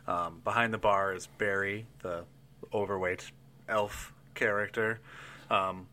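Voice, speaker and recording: Relaxed game master narrating a scene. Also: male voice, lowish voice, slow pace. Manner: relaxed, loose, with many fillers.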